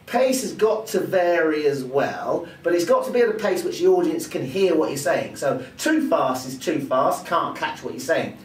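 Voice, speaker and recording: A man's voice: a little high, expressive, normal speed, few pauses. A man teaching presentation skills who acts out vocal examples as he explains them. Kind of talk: teaching with spoken demonstrations. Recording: roomy sound from a distance, faint ambience.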